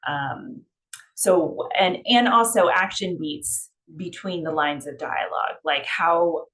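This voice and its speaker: Woman, editor, fairly low voice, conversational, explanatory, loose phrasing. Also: takes it slowly, fairly bright tone. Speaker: editor and writing coach. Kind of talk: explaining writing tips in a discussion.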